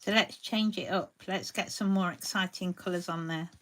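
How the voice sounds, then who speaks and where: A woman's voice: lowish voice, fairly even intonation, normal speed, fairly bright tone. Lady doing a live craft demo, easygoing chatter, says hi to viewers by name. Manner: chatty, greets viewers by name while painting. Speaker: crafting demonstrator.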